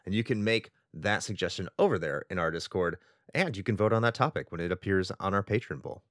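A man's voice: low voice, fairly quick, a bit bright, dry recording, clean studio sound. A man hosting a retro gaming podcast, talking in a playful, wordy, alliterative way. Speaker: podcast host. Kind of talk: casual podcast chat.

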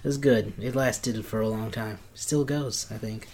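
A man's voice: lowish voice, fairly even intonation, moderate pace, darkish tone. A man co-hosting a casual movie podcast, easygoing and steering the talk between segments. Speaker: podcast co-host.

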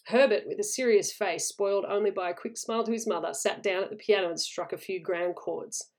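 A woman narrating a story in a steady, even read-aloud manner. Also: mid-range voice, fairly quick. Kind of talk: storybook reading.

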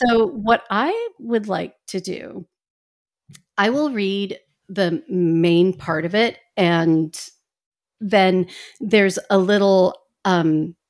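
A woman's voice: mid-range voice, drawn-out words, a little mellow. Woman podcast host just chatting, lots of "you know"s, laughs easy. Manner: chatty, laughs often, many fillers. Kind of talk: casual podcast chat.

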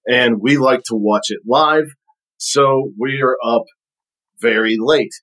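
A man's voice: mid-range voice, takes it slowly, a bit bright, poor audio. Rambling man telling a story. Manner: rambling, with fillers. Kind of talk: casual storytelling.

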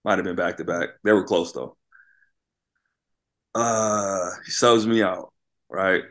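A man who played college basketball and now coaches high school, telling stories in a casual interview, animated and always checking in with "right?". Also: slow. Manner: animated storyteller, keeps asking "right?".

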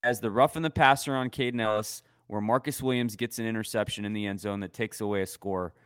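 Smooth low-voiced opinionated man. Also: fairly even intonation, quick pace, fairly bright tone. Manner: opinionated, explaining at length. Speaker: podcast co-host. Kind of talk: casual sports chat.

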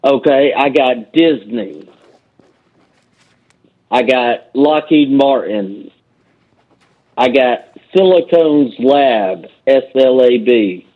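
A man's voice: medium pitch, lively intonation, very slow, long pauses. A man calling in to a finance show, eager and admiring as he lists his stocks. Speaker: caller. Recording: tinny phone line.

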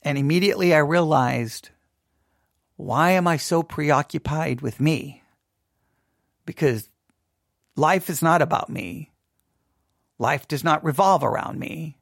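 A pastor speaks in an earnest, halting way, circling back and repeating words as he gathers his thoughts. His voice sits a little high for a man, with a gravelly fry running through it. The recording is close and dry, with almost no room sound. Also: dry recording. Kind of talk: personal podcast monologue.

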